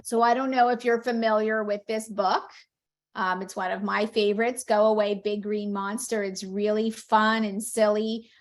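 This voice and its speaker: A woman's voice: mid-range voice, level tone, moderate pace. A woman explaining a book-reading method to parents in a patient, instructional way, acting out short read-aloud examples. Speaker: speech-language educator.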